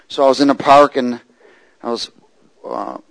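A man's voice: mid-range voice, moderate pace, creaky, dry recording, poor audio. Preacher man telling a testimony. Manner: swings from loud preaching to hushed storytelling. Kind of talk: sermon testimony storytelling.

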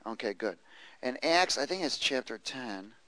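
A man's voice: mid-range voice, animated, moderate pace, pushed and bright, no echo, poor audio. A man preaching a sermon, reading scripture aloud and prompting the congregation to answer and repeat after him. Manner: reads scripture aloud, prompts congregation with call-and-response questions. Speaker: pastor.

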